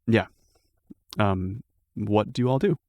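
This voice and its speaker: Low, dry-miked man as relaxed dungeon master narrating a tabletop game. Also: no echo. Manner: easygoing, unhurried narration with fillers.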